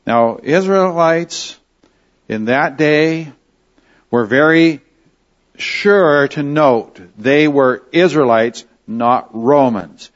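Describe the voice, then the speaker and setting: A man from Canada preaching a verse-by-verse sermon, leaning on key words and dropping soft at the ends of phrases. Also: a little high, very slow. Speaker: pastor. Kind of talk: expository sermon. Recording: slightly dull lo-fi sound.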